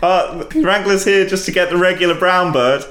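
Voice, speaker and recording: A co-host in a casual chat who teases the other speaker with dry, deadpan one-liners. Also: mid-range voice, moderate pace. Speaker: podcast co-host. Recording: roomy, echoey sound.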